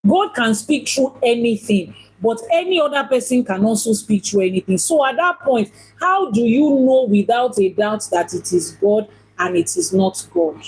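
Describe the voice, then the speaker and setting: Husky-voiced woman teaching about faith. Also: fairly high pitch, lively intonation, normal speed, darkish tone, rough recording. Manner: questioning, rhetorical, repeats points for emphasis. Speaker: Ifá priestess and teacher. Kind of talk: teaching talk on religion.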